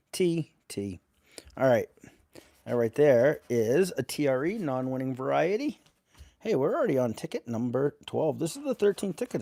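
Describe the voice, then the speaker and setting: Gravelly, lively New man. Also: medium pitch, dry recording, studio quality. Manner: reads letters aloud while greeting chat viewers. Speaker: live-stream host. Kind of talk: casual live-stream chat.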